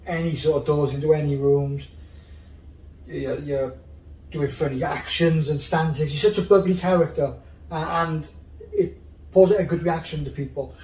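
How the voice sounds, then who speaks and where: A man with a Bristol accent hosts a relaxed chat, teasing his guest in a playful way. His voice sits somewhat high. He sounds distant, in an echoey room. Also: normal speed. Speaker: host. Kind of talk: casual interview chat. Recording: roomy, distant mic.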